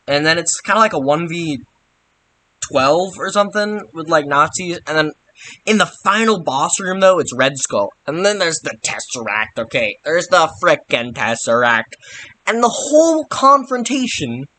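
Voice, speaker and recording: A man's voice: on the high side, animated, a little slow, sharp tone. A young man giving a rambling, sarcastic casual recap of a film, full of filler words. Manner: rambling, sarcastic, frequent mild swearing substitutes. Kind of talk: casual comedic movie recap.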